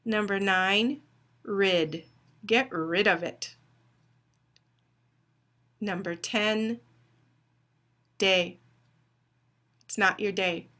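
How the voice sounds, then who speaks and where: Woman instructor, recorded lecture: slow, deliberate delivery with a bright, crisp tone, dictating words one at a time. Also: medium pitch. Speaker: phonetics instructor.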